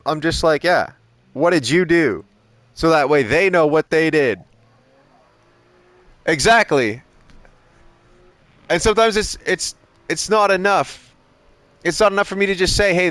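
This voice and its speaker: A man's voice: high-pitched, a bit bright, smooth, no room sound. A man coaching a sim racing driver on a live stream, giving short driving instructions and chatting casually, swearing often. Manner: casual, swears often, repeats "you know what I mean".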